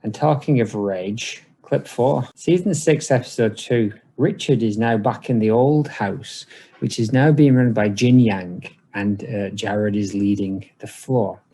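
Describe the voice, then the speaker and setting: A man co-hosting a podcast, chatting casually and recounting a TV scene as a lively storyteller with many fillers. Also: lowish voice, unhurried, husky. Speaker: podcast co-host.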